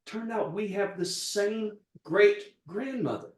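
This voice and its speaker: Guy chef rambling through an old story while he cooks, kinda high voice, roomy sound. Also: takes it slowly. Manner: rambling, anecdotal, laughs while telling. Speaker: guest chef. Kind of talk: casual storytelling while cooking. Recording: roomy echo.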